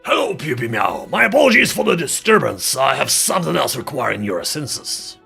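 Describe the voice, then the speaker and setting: A man putting on a gruff messenger with a wavering Scottish accent. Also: medium pitch, very animated, fairly quick, pushed and bright, faint music behind, heavily acted. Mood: gruff, polite. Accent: wavering put-on Scottish accent. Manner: gruff, formal requests. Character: gruff adult male messenger, polite but rough.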